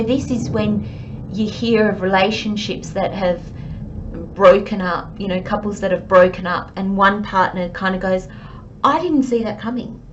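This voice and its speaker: A woman's voice: medium pitch, highs cut off, noisy background. A woman giving a channelled tarot reading, talking earnestly and emphatically straight to the listener. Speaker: tarot reader.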